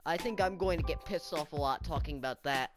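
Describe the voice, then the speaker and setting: A woman's voice: low voice, a little fast, over music. A woman telling a story-time vlog in an indignant, incredulous rant, swearing often. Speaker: student vlogger.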